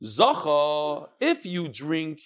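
Animated man teaching Talmud. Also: fairly high pitch, extremely slow. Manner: lively, questioning, mixes Yiddish and Hebrew terms. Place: classroom or study hall with students.

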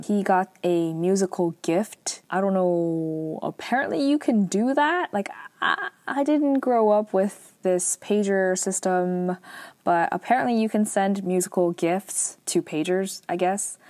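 A woman's voice: medium pitch, a little slow, a little mellow, no echo. A woman casually recapping a drama episode, chatty and full of fillers.

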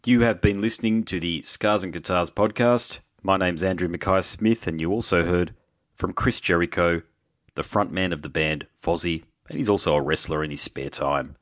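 A man's voice: deep voice, moderate pace, fairly bright tone, dry recording. A man hosting a podcast interview, friendly and casual. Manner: friendly, says "mate". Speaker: podcast host.

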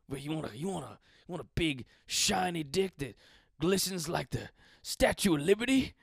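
A man playing a pushy, booming ad pitchman. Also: animated, gravelly, slightly rough, no room sound, clean studio sound, exaggerated voice. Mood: hyped. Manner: booming, overselling, drawn-out words. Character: pushy male late-night ad pitchman, hyped.

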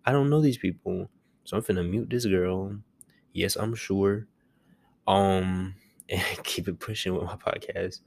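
A young man hosting a casual solo podcast from home, chatty and rambling, talking quietly so as not to be loud. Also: low-pitched, gravelly. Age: young adult. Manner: chatty, rambling, self-amused. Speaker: podcast host.

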